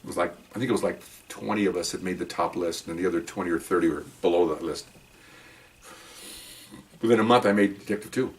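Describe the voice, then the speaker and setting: A retired police officer with a fairly low voice tells a podcast story from his career in a relaxed, chatty first-person way. He acts out the voices of people he quotes and swears offhand, sounding distant, as if leaning back from the mic.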